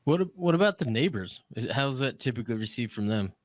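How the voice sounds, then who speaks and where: A man's voice: medium pitch, lively intonation, quick pace, no echo. Brief: male co-host with a mid-range voice and a dry, close sound, tentative questioner. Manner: curious, hesitant questions with fillers. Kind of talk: casual interview questions.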